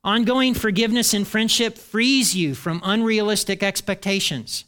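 Speaking at a normal speed, this middle-aged pastor preaches with a bright, high-pitched voice. His delivery to the congregation is lively, and he mimics the voices of anyone he quotes.

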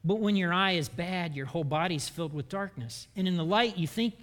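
High-voiced man preaching with humor. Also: fairly quick. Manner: humorous, animated, self-deprecating asides. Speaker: pastor. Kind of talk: sermon. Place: church.

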